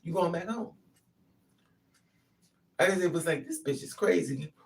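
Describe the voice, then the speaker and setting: Her voice is fairly low and creaky, and she speaks a little slowly while sharing a personal anecdote in a relaxed monologue. She animatedly performs the quotes of other people, captured by a distant mic with faint noise.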